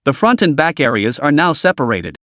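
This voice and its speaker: A man's voice: fairly high pitch, very animated, brisk, a bit bright, dry recording, clean studio sound. A man narrating a comic story recap in a scripted storytelling style, voicing every character himself.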